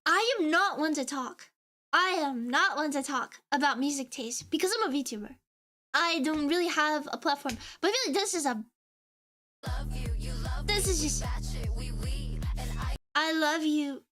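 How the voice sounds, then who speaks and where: A woman's voice: high voice, expressive, a little slow, long pauses, pushed and bright. A young woman streaming as a VTuber, ranting sarcastically about songs she dislikes and swearing as she reacts. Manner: ranting, sarcastic, swears, hums along mockingly. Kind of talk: casual stream reaction rant. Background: pop music playing.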